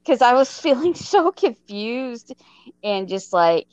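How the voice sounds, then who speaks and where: A woman in her thirties, co-hosting a casual chat, telling a story in an animated, self-mocking way and laughing as she goes. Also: on the high side, slow, dry recording, dull audio. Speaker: podcast co-host.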